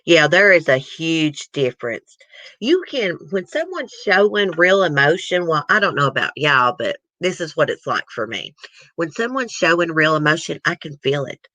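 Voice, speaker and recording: A woman's voice: deep voice, sing-song, normal speed, pushed and bright, dry recording. A woman, hosting a casual, emotional chat and talking straight to her viewers. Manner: emotional, chatty, addresses viewers. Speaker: host. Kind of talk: casual chat reacting to news clips.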